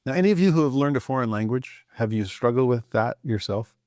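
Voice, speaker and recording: A man's voice: medium pitch, lively intonation, fast talker, a little mellow, no echo, studio quality. A man giving a casual scripture lesson who talks conversationally and thinks aloud with frequent restarts. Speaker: scripture teacher.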